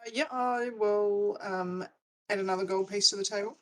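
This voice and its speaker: A woman playing a tabletop game, speaking softly and hesitantly. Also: medium pitch, fairly even intonation, normal speed. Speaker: player. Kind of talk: tabletop role-play.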